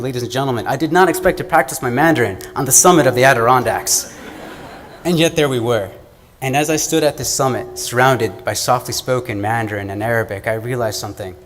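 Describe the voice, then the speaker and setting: Earnest young man giving a speech. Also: mid-range voice. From American Midwest. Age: young adult. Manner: earnest, measured, oratorical delivery. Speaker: student speaker. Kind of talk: prepared speech at an event. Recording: long hall reverb, faint room noise.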